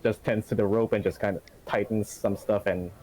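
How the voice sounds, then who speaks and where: A man's voice: fairly low pitch, fairly even intonation, fairly quick, dark tone, rough recording. Laughing, rambling male game master. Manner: rambling, laughing often, many fillers. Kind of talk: narrating a tabletop game.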